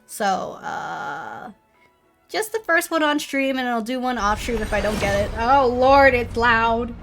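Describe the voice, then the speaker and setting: A woman's voice: on the high side, expressive, measured pace, gravelly, a bit bright, soft background music. A young woman streamer giving casual gameplay commentary, swearing and playing up mock-dramatic self-pity.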